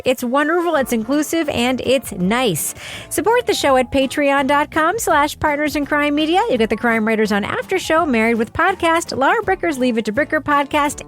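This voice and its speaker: A woman hosting a podcast, chatting casually and enthusiastically with quick asides. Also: high-pitched, faint music behind. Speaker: podcast host. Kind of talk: casual podcast chat and outro. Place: home studio.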